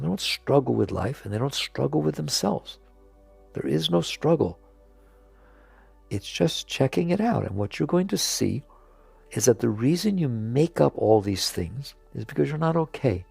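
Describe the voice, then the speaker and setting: A man with a deeply gravelly, husky voice gives a spiritual talk to a live audience. He speaks earnestly, often chuckles and throws in a quick "right?" The sound is close and dry. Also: darkish tone, no echo. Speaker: spiritual teacher.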